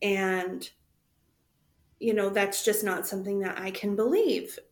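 A woman's voice: medium pitch, steady tone, a little slow. A woman co-hosting a podcast in casual chat, thinking aloud and searching for her words. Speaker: podcast co-host.

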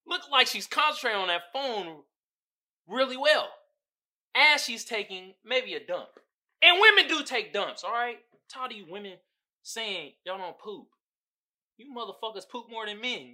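Animated, sharp-voiced male podcast host. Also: high voice. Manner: animated, laughs often, profane slang. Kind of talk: casual comedic commentary on memes.

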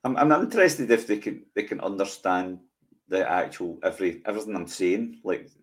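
A man's voice: low-pitched, animated, brisk. A Scottish man in his forties co-hosting a podcast, chatting in self-mocking banter. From Scotland. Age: 40s. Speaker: podcast co-host. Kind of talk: casual chat.

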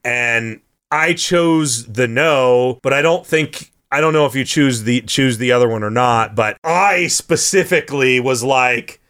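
A man in casual podcast chat recounts a video game plot with lively energy. He keeps dropping into quick character voices as the story unfolds. His pitch sits in the middle range for a man. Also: clean tone. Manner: animated storyteller who slips into character voices.

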